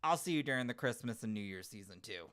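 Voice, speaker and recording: Lively, giggly man hosting a livestream. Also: on the low side, quick pace, clean tone. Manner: animated, giggly, replies to chat comments. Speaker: livestream host reading chat. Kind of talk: casual livestream chat.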